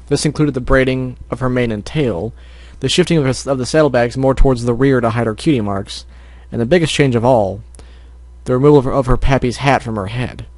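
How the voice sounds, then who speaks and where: A man's voice: mid-range voice, a little fast, darkish tone, no room sound. Man reading fan fiction aloud, dry. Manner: narrates with stumbles and self-corrections. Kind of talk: amateur audiobook narration.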